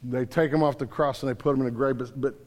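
A man's voice: medium pitch, steady tone, fast, a little mellow, long reverb tail. A man, a pastor, preaching a sermon in a vivid storytelling manner, speaking straight to his listeners. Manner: vivid storytelling, addressing listeners directly as "you".

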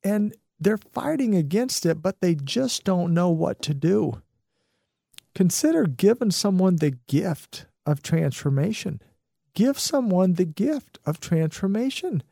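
Middle-aged male host, gravelly and mellow, upbeat motivational pep talk, loose and rambling. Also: high voice, expressive, slow, no room sound, studio quality. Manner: upbeat, encouraging, rambling with many fillers.

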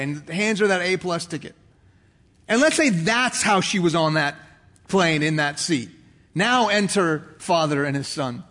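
A pastor preaching a sermon, telling a story and acting out the voices of people in it, with conversational asides to the congregation. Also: male voice, fairly high pitch, animated, a little slow, a bit bright. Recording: long hall reverb.

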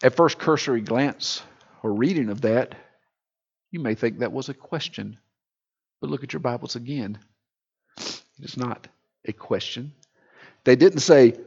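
A male pastor preaching a sermon with passion, swinging from hushed to loud. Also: mid-range voice, a little slow, long pauses, muffled recording.

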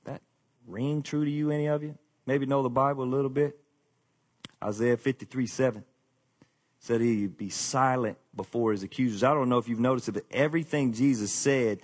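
A man preaching a sermon, with rising emphasis and casual asides to the congregation. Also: mid-range voice. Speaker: pastor.

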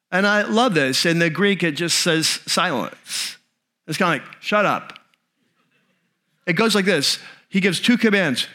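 A man preaching a sermon, telling a story in an animated, conversational way with frequent restarts. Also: high-pitched. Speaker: pastor.

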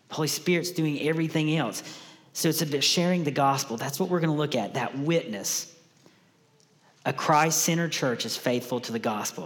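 A male preacher delivers a sermon in an easygoing, conversational way, repeating his main points so they sink in. His voice sits at an ordinary middle pitch. It carries a long reverb from a church sanctuary. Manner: conversational, repeats key lines for emphasis.

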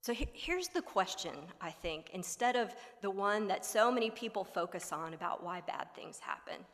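A woman delivers a sermon in a mid-pitched voice, building rhetorical questions and sometimes sinking to a near whisper. Her voice carries the long reverb of a large hall. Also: normal speed. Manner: expressive, rhetorical, drops to near whispers for emphasis. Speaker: preacher.

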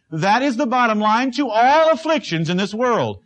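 A man with a high voice preaches a sermon. He delivers it emphatically, hammering home a repeated line. He also asks his listeners direct questions. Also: sing-song, normal speed, few pauses, fairly bright tone. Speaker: pastor.

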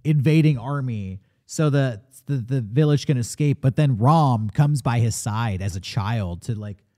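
A man with a mellow, dark-toned voice hosts a casual movie review chat. He rambles through the plot, laughing and swearing as he goes. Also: mid-range voice, measured pace. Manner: rambling, laughs and curses while retelling the plot. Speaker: podcast host.

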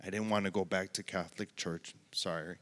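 A man's voice: low-pitched, fairly even intonation, fairly bright tone. Earnest man giving a church testimony. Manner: earnest, emotional, halting. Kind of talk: personal testimony. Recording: long hall reverb.

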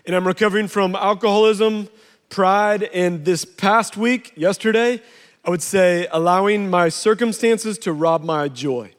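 A man's voice: high voice, unhurried, clear, resonant tone, in a large hall. A man in his thirties giving a personal testimony to a church group, telling a story with acted quotes and laughs. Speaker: speaker sharing a testimony.

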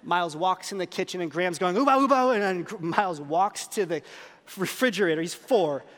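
This sermon comes from a thirtysomething pastor whose high voice runs a little fast, recorded with the long reverb of a large church hall. He tells humorous, self-deprecating stories about his little kids, animating them with shifting voices.

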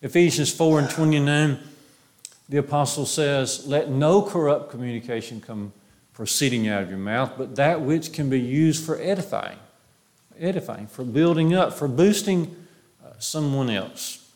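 A man's voice: medium pitch, moderate pace, a little mellow. A man preaching a sermon, quoting scripture and repeating phrases for emphasis.

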